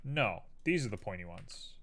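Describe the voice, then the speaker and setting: A man's voice: fairly low pitch, sing-song, moderate pace, fairly bright tone. A man hosting a live stream, casually chatting and thinking aloud to viewers as he builds a 3D model.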